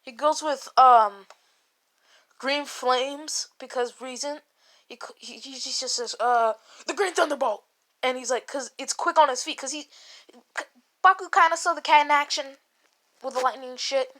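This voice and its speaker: A woman's voice: sits high, unhurried, fairly bright tone. A woman casually retelling a made-up fan story, rambling and swearing, with many restarts. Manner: rambling and profane, full of restarts and "like".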